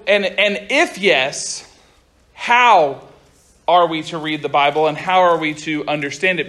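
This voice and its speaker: A young man with a high voice preaches a casual youth sermon. He talks fast and chatty, often breaking off mid-sentence to restart. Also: fairly bright tone. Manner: fast-talking, chatty, self-interrupting. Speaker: youth pastor. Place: room with a group of listeners.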